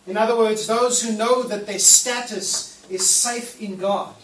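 A man's voice: high voice, fairly even intonation, measured pace, a bit bright. A man preaching a sermon in a church hall. He talks in a casual, playful way and acts out the prayers he quotes. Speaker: pastor. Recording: echoey room, mic at a distance, faint noise.

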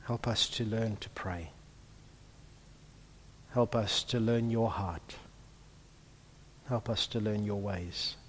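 A man in the role of pastor, praying softly and then preaching with emphasis. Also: on the low side, slow pace, pauses often, breathy edge. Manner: hushed in prayer, then lively and emphatic preaching. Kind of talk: prayer and sermon. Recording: long reverb of a large hall.

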